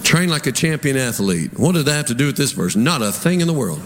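A man's voice: mid-range voice, big pitch swings, brisk, background noise. A man preaching a sermon as pastor, telling stories and firing rhetorical questions at his congregation. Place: church sanctuary. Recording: long hall reverb, audience.

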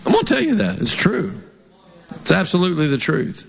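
A pastor with a Southern twang preaching a sermon in an animated, folksy way, putting on mock voices. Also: male voice, high-pitched, fairly quick, vocal fry, husky. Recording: long hall reverb.

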